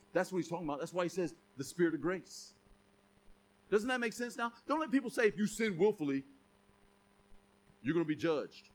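A man's voice: a little high, fairly bright tone. A man preaching a sermon to a congregation, emphatic, often asking rhetorical questions. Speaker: pastor.

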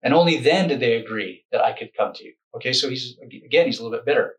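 A man's voice: mid-range voice, fast talker, low-quality recording. A man who is a video lecturer and author, explaining in a loose, conversational way and often correcting himself mid-sentence.

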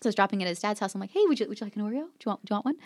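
A woman in her forties telling stories in a casual chat as a podcast guest, animated and acting out quotes with frequent laughter. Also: mid-range voice, rapid-fire, slight background noise. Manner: animated storyteller, acts out quotes, laughs often.

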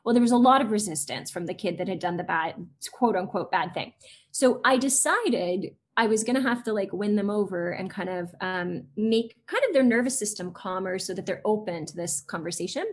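A woman's voice: mid-range voice, brisk, a little hiss or hum. Chatty woman in her forties. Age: 40s. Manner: chatty, many fillers, acts out quoted voices. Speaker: guest, educator. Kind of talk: casual interview chat.

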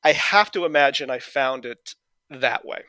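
A middle-aged man from New England with a New England accent, a guest calmly telling stories about his past with many fillers and restarts. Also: mid-range voice, moderate pace, no echo. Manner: relaxed storytelling with fillers and restarts. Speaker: interview guest. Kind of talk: conversational reminiscing.

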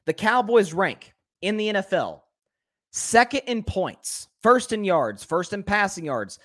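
Here a high-voiced man hosts his own sports talk show alone, delivering energetic, opinionated takes and repeating words as he gathers his thoughts. He's a sports podcast host.

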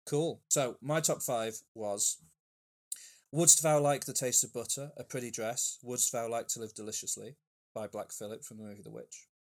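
A man's voice: medium pitch, steady tone, moderate pace. A man co-hosting a casual podcast chat, giving blunt, opinionated takes with fillers and restarts. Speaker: podcast co-host.

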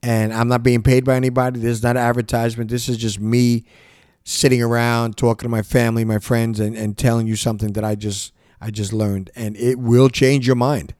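A man's voice: medium pitch, little pitch movement, fairly quick, a little mellow, dry recording, studio quality. A man hosting a podcast, delivering an impassioned monologue, stumbling and repeating himself as he presses his point. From United States. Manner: repetitive, restarts often, emphatic rants. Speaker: podcast host.

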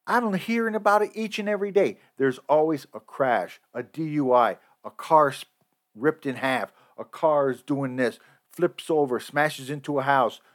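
A man's voice: fairly high pitch, normal speed. Man ranting angrily on his podcast. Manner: heated, profane and repetitive. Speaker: podcast host. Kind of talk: angry solo podcast rant.

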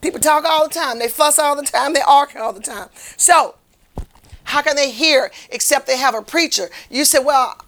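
Woman lay minister, bright ringing tone, urgent sermon cadence. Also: sits high, moderate pace. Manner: fervent, repetitive exhortation. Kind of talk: street-preaching sermon.

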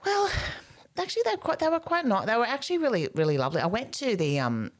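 A woman's voice: fairly high pitch, sing-song, fast talker. A middle-aged woman co-hosting a podcast, telling rambling anecdotes in casual chat and acting out voices. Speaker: podcast co-host.

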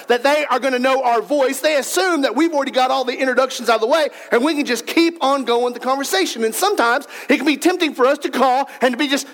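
High-voiced man preaching a sermon. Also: a bit bright, rough recording. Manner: conversational and emphatic, talks straight to the congregation. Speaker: pastor. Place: church.

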